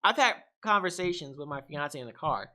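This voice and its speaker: A young man hosting a casual tech podcast, animated and laughing, acting out voices of gadgets. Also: on the high side, brisk. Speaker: podcast host.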